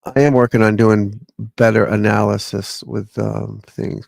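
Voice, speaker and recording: A male golf instructor chatting casually on a livestream, with vocal fry, rambling and swearing offhandedly. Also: lowish voice, flat delivery, measured pace, hardly any pauses, darkish tone, no echo.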